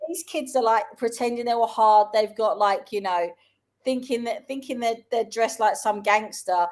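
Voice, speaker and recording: A woman from South London with a London accent, chatting as co-host of a casual talk show. Her voice sits a bit on the high side, and she tells her stories in an animated way with quick asides. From South London, England. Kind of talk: casual chat.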